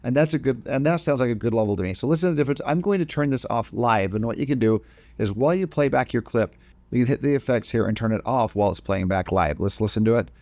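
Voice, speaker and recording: A man's voice: mid-range voice, expressive, fast talker, a little mellow, no echo. A man teaching video editing in a casual, step-by-step screen-recorded tutorial, often correcting himself mid-sentence. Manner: casual step-by-step explaining, frequent self-corrections.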